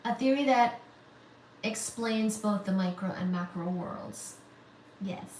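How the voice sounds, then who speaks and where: A woman's voice: medium pitch, takes it slowly, darkish tone. A woman from India chats casually with her livestream viewers, reading their comments out and answering with teasing humor. She takes her time, speaking unhurriedly. The room around her rings with echo, and a faint noise sits under her voice. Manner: reads viewer comments aloud and answers them, teasing and chatty. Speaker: livestream host of a physics channel.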